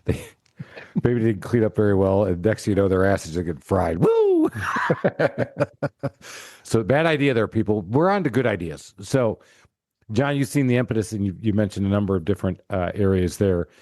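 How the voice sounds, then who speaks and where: Low, mellow-voiced joking podcast host. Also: male voice, fairly quick, no echo, clean studio sound. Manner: joking, playful. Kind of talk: podcast interview.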